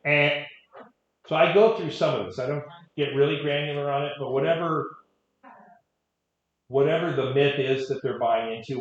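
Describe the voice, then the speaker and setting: Real estate trainer, male, wry and conversational, echoey room, dull audio. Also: mid-range voice. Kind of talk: training talk with stories.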